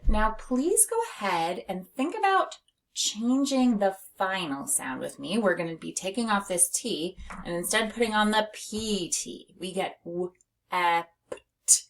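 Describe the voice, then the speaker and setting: A woman reading teacher leading a phonics lesson for young children, slowly and clearly sounding out letters and words. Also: mid-range voice, a bit bright, a little hiss or hum. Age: adult.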